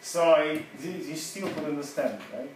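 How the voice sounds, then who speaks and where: A man's voice: a little high, a little hiss or hum. Echoey distant man teaching a class. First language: Russian. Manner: casual, halting, laughs often. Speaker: seminar teacher. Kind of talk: classroom seminar talk. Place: university classroom.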